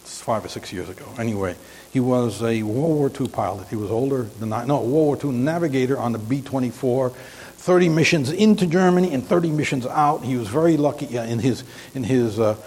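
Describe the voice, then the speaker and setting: A man's voice: mid-range voice, darkish tone, slightly rough. An older man preaching in an informal, rambling storytelling way, often stopping and restarting. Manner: halting, rambling, frequent restarts. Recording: long hall reverb, faint hiss.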